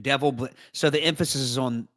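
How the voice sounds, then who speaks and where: A man's voice: mid-range voice, steady tone, brisk, a bit bright, dry recording. Joking man co-hosting a podcast, dry sound. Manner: joking, playful asides while reading. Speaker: podcast co-host. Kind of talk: casual chat, reading a forum post aloud. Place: live podcast recording.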